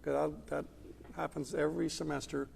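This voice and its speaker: A man's voice: a little high, level tone, normal speed, vocal fry, a little mellow, big-room sound, slight background noise. A man teaching an economics class in a conversational lecture style, checking in with his students as he goes. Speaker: economics instructor. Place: lecture hall.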